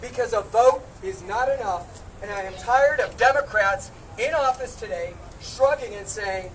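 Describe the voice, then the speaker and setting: A woman's voice: on the high side, moderate pace. A woman running for office giving an impassioned rally speech outdoors at a protest, recorded from a distance. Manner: impassioned, builds to shouted call-and-response. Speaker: congressional candidate speaking at a protest. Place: outdoors on steps at a street protest. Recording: distant street recording with crowd noise.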